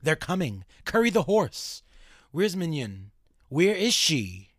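A man's voice: on the high side, sing-song, slow pace, no echo, clean studio sound, voice pushed up, heavily acted. A man reading out the lines of an anguished ghost of a hanged man, who cries out in distress and repeats his questions. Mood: frantic.

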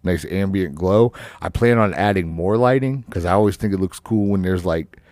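A man co-hosting a podcast in relaxed, rambling chat with lots of fillers and some vocal fry, on a studio microphone. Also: low voice, moderate pace, dry recording. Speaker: podcast co-host.

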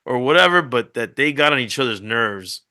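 A middle-aged man on a podcast, telling family stories in an animated way and acting out what his wife and kids said. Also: mid-range voice, fairly quick. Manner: animated storytelling, acts out family quotes. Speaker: podcast co-host. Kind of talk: casual chat.

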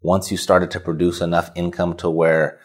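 Deep-voiced man co-hosting a casual podcast. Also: level tone, normal speed. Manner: conversational, rambling, self-correcting. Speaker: podcast co-host. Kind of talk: casual business podcast chat.

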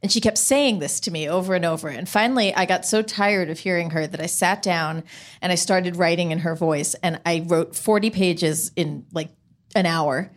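A woman's voice: fairly low pitch, normal speed. A woman novelist telling a frank story about her writing in a casual onstage conversation. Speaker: novelist on a panel.

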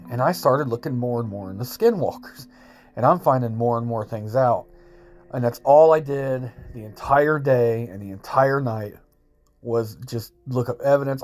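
A man telling a true spooky story in casual, rambling speech, often clearing his throat and repeating himself. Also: mid-range voice, darkish tone.

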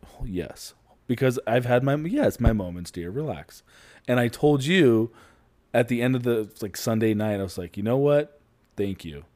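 A man's voice: mid-range voice, animated, moderate pace, a little mellow. A man co-hosting a podcast with his wife, casually defending himself and laughing between points. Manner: defensive, laughing, reasoning things out. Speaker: podcast co-host, husband. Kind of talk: casual couple banter.

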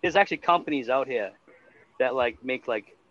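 Foul-mouthed Boston streamer, lo-fi. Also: male voice, mid-range voice, normal speed, fairly bright tone. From Massachusetts. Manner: swears constantly, loose rambling talk. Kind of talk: casual chat. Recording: dull lo-fi sound.

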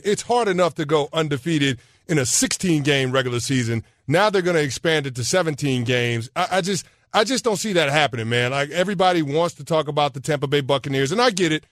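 A man's voice: a little high, lively intonation, fast, few pauses, a bit bright, no room sound. Man, former football player, sports radio co-host, easygoing, emphatic, dry studio mic. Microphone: studio microphone.

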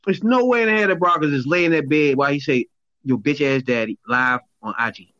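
A man co-hosts a casual chat, riffing animatedly in street slang and letting out laughing, incredulous outbursts. His voice is fairly high and brisk, recorded with lo-fi sound and no echo.

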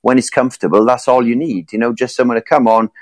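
A man's voice: medium pitch, steady tone, quick pace, no room sound. A man co-hosting a football podcast, talking casually in rambling turns full of fillers and restarts. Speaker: podcast co-host.

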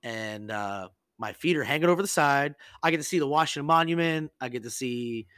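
A man hosting a podcast, telling stories in a casual, animated and profane way and acting out the people he quotes. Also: mid-range voice, a little fast, no room sound. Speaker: podcast host. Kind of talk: casual storytelling chat.

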